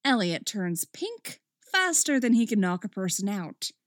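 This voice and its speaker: A woman reading fan fiction aloud as a wry, expressive storyteller. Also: medium pitch, measured pace, no room sound, studio quality. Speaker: story reader.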